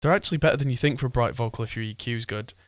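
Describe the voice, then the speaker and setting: Guy chatting on a podcast, mid pitch, laughs a lot. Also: racing, no room sound. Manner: chatty, laughs often, rambling asides. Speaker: podcast host. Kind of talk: casual chat.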